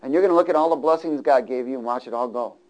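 A middle-aged male preacher giving a sermon, swinging between loud, fervent passages and hushed, near-whispered lines. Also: mid-range voice, rapid-fire, rough recording.

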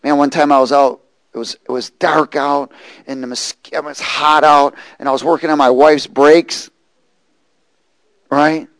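Man preaching, animated storytelling, fairly high-pitched, dry close sound. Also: unhurried, dry recording, low-quality recording. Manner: animated storytelling, rising to shouts and laughter. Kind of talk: sermon with personal story.

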